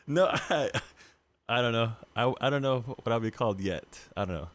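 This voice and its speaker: A man co-hosting a podcast in casual chat, playful and quick to laugh. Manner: playful, laughs often, lively pitch. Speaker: podcast co-host.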